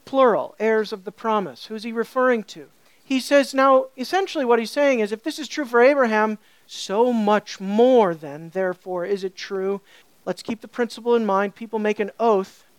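A woman preaching a sermon. She asks her listeners questions and repeats points for emphasis. She builds to loud, high peaks and drops to a soft, low voice for scripture. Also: normal speed, smooth, no echo. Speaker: pastor.

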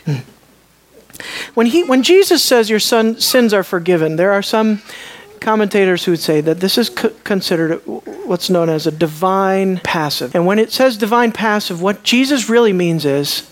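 Delivering a sermon in an expressive mid-range voice, this preacher alternates between quiet, unhurried asides and loud, forceful declarations while putting rhetorical questions to the congregation.

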